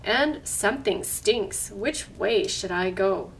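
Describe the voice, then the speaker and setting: Woman reading spirited young girl, earnest and polite, unhurried. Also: medium pitch, animated, gravelly, a little hiss or hum. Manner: polite but bold, earnest. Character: spirited young girl who dreams of royalty.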